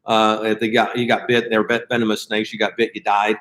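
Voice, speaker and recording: A man leading a Bible study in a casual, conversational way, often pausing with fillers and restarting his sentences. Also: lowish voice, little pitch movement, a bit bright, reverberant.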